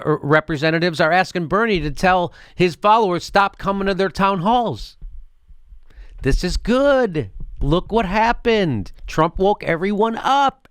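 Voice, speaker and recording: A man's voice: sits high, a bit bright, clear, resonant tone, no echo, clean studio sound. A man hosting a political commentary show, ranting heatedly with profanity. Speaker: host and comedian.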